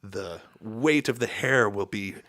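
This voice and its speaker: Animated storytelling man, low voice. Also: slow. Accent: American. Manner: animated storyteller, acts out quotes with sudden loud jumps. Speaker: guest, band vocalist. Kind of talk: casual storytelling chat.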